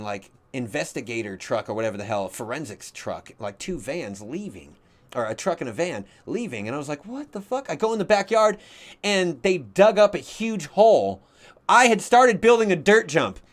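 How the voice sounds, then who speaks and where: A young adult man telling a long, rambling, profanity-heavy story in a casual way, getting loud when he acts out his own shouting. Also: fairly high pitch.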